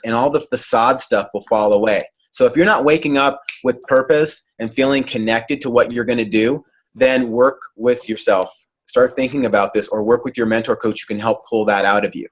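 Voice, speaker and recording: A man's voice: medium pitch, moderate pace. Earnest man coaching on a video call. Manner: earnest, animated when imitating excitement. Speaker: health coach leading a group call. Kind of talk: motivational coaching talk.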